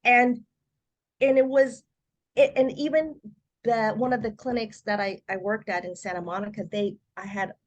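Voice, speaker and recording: A woman's voice: a little high, normal speed, lo-fi sound. Woman telling her story, acting out quotes. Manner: animated storyteller who acts out quoted voices. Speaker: guest. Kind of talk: personal storytelling interview.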